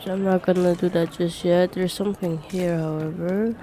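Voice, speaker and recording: A woman recovering from a bad cold, giving slow let's-play commentary and mumbling to herself as she plays. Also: fairly low pitch, fairly even intonation, warm tone, a little hiss or hum. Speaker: gamer.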